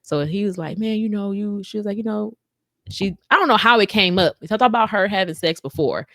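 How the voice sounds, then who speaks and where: Animated storytelling woman, dry close voice. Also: medium pitch, fairly quick, dry recording. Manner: animated storytelling, acts out voices of people she quotes. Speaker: podcast co-host. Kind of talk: casual chat recapping a reality show.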